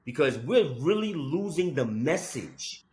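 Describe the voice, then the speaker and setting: A man's voice: a little high, sing-song, measured pace, darkish tone. A man co-hosting a podcast in casual chat, telling a story with emphatic "okay?" asides. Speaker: podcast co-host.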